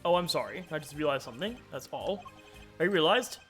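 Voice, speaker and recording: A man voices a composed prosecutor from a video game, reasoning through the case in a measured way. His voice is slightly higher than average. Game music plays faintly in the background. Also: animated, fairly bright tone. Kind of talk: reading game dialogue aloud.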